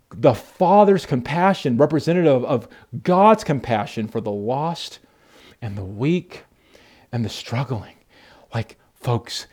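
A man preaching a sermon as pastor, animated storytelling with frequent restarts. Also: on the high side.

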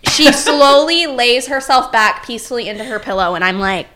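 A woman guest in a studio telling a story in a casual chat, animated and full of fillers. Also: fairly high pitch, normal speed.

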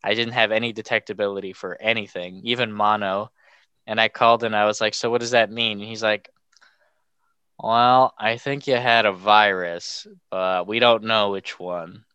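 A man's voice: fairly low pitch, steady tone, moderate pace, bright, forceful tone, clean tone, no echo, dull audio. A young man telling stories casually as a podcast guest, rambling and filling almost every phrase with "like". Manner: rambling, filler-heavy, says "like" constantly. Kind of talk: casual storytelling.

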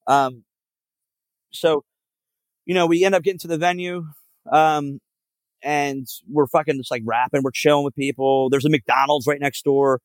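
A man's voice: a little high, fairly even intonation, normal speed, long pauses, dry recording. A man guest on a podcast telling a long road story, rambling and profane with lots of fillers. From Philadelphia area. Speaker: podcast guest, band frontman. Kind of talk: casual storytelling.

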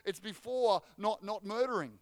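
A man delivers a lively sermon in a high, clear, resonant voice. He jokes with the congregation and restarts phrases as he goes. The sound is close and dry. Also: moderate pace, no echo. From Australia. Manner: energetic, joking, frequent restarts. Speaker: pastor.

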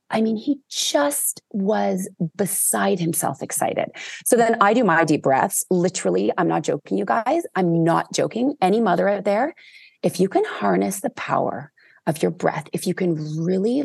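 Canadian woman, podcast guest, low raspy gravelly voice, dry close sound, lively storyteller. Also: no echo. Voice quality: gravelly, husky. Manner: animated, expressive, with big pitch swings and laughs. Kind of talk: casual storytelling.

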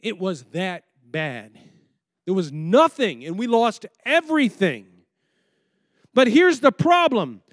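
A male pastor preaches slowly in a sing-song voice, firing rhetorical questions at his congregation and swinging between loud, emphatic lines and low, quiet ones. The audio is studio quality with no room sound.

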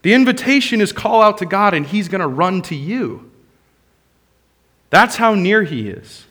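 A man preaching with passion, his bright, forceful voice rising to loud bursts and then falling to soft, hushed lines. He speaks a little higher than most men. His sermon rings out in a large sanctuary with a long hall reverb. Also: lively intonation, measured pace. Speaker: pastor.

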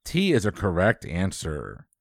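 A man hosting a trivia quiz, reading questions briskly and dropping dry quips. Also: deep voice, wildly swooping pitch, gravelly, no echo.

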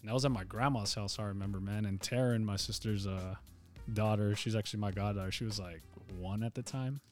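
A young man, a former pitcher, telling his story as a podcast guest in a laid-back, casual way, often saying "man" and "you know". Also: steady tone, a little fast, faint music behind. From Nogales.

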